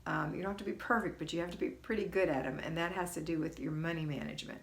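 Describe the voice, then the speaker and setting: A woman's voice: sits low, steady tone, fast, vocal fry. A middle-aged woman hosting a homemaking livestream, greeting viewers by name and coaching in a chatty, folksy, encouraging way. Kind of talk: casual live coaching talk.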